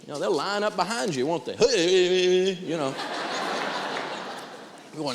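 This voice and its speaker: Animated male finance teacher, storyteller who acts out voices; reverberant hall, faint noise. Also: high voice, takes it slowly. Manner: animated, acts out dialogue, chuckles. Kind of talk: storytelling lecture to a live class.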